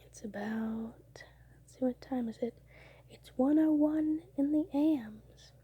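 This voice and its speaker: A young woman whispering close to the mic at home late at night, telling her dreams in a soft ASMR style and now and then breaking into laughs. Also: fairly high pitch, a little hiss or hum. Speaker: ASMR creator.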